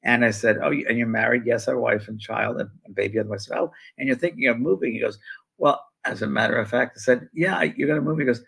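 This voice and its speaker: An older man chats loosely, circling back with many ums and restarts as he tells a story. His voice is gravelly with a husky edge, sitting at a middle pitch for a man. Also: fast talker, a bit bright, poor audio. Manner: rambling, with many fillers and restarts. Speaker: co-host, spiritual medium. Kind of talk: casual conversational storytelling.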